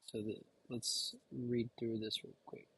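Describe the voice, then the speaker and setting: A man's voice: medium pitch, flat delivery, a little slow, a bit bright, a little hiss or hum, rough recording. A man hosting a reaction video, reading a passage aloud and talking casually to his viewers. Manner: informal, addresses viewers directly.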